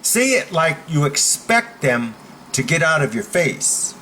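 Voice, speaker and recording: At home with his dogs nearby, a self-defense and confidence coach talks through an instructional video in a voice on the high side, with a little hiss or hum. His animated, demonstrative delivery is slow and emphatic, and he switches into loud role-play shouts.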